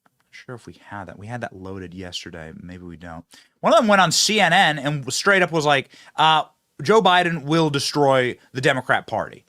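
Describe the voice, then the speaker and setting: A man's voice: mid-range voice, moderate pace, bright, forceful tone, no echo, studio quality. A man hosting a political commentary show, mocking and sarcastic, laughing at his own jabs. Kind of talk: fast opinionated political commentary. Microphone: close studio mic with earpiece.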